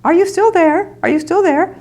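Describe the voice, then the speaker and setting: Brief: woman doing a high, breathless, scatterbrained older lady, gravelly edge. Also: normal speed, darkish tone. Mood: flustered. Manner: fluttery, breathless exclamations.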